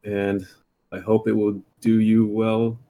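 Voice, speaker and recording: Man, tabletop player, formal speech, slow unhurried pace. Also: lowish voice, little pitch movement, narrow, tinny audio. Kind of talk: in-character tabletop role-play.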